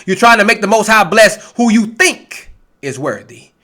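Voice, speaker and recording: A man delivers a street-style sermon with a high, bright voice. He is blunt and confrontational, cursing freely and mocking his critics between scripture readings. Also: lively intonation, moderate pace. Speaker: preacher.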